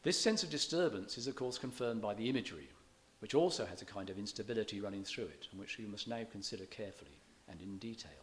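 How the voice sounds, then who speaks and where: A man speaks in a church hall, giving a measured, scholarly public lecture on poetry. His lowish voice has lively intonation, and he slows down to read verse aloud with stressed beats, sometimes restarting his words.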